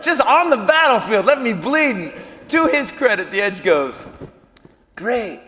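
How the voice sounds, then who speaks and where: A man's voice: very high-pitched, moderate pace, big-room sound. Man, stand-up comic, live club stage, audience noise behind. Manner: loud animated storytelling, drops to mumbled self-talk. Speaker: stand-up comedian. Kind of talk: stand-up comedy storytelling.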